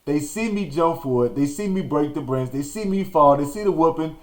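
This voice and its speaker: Animated, slangy male storyteller. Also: a little high, fairly quick. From Texas. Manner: animated, slangy, acts out scenes. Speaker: podcast host. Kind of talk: storytelling monologue.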